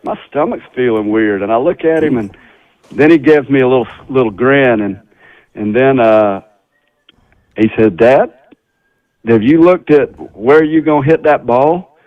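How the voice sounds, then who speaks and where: A middle-aged man, a former tour golfer, telling a folksy, animated story as a guest on a radio talk show. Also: mid-range voice, unhurried, long pauses, no room sound. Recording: slightly dull radio sound.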